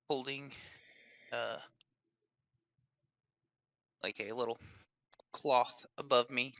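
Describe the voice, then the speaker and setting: A man's voice: medium pitch, sharp tone, dry recording. A man playing a tabletop game, talking through his moves in a laid-back way. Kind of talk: casual chat.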